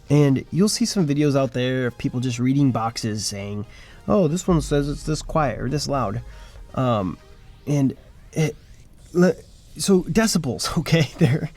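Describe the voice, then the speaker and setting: Chatty man reviewing gear, lively pitch. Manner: chatty, checks in with "okay?" and "right?". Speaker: product reviewer. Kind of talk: casual product review talk. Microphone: shotgun microphone pointed at him.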